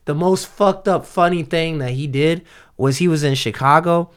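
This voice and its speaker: A man's voice: on the high side, normal speed, clean tone. A man co-hosting a podcast, talking casually in a loose, slangy and profane way, rambling with restarts. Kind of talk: casual chat.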